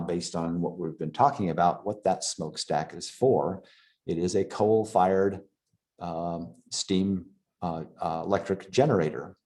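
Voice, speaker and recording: A man giving a local history lecture over slides, pausing often with fillers and restarting his sentences. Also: sits low, dark tone. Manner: halting, many fillers and restarts.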